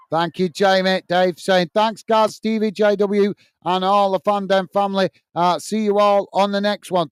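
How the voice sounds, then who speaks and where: A British man hosting a casual football live stream, filling his talk with "uh" as he reads out comments and thanks viewers one by one. His voice sits a little high for a man and comes through smooth and clear. The sound is dry and close, with little room around it. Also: no echo. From United Kingdom. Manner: chatty, many "uh" fillers, friendly sign-offs to viewers.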